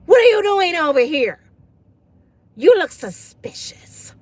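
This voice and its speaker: A woman's voice: extremely high pitch, sing-song, slow pace, darkish tone, no echo, pitched above the performer's own voice, exaggerated voice. A woman voicing a suspicious, confrontational neighbor woman who accuses and taunts.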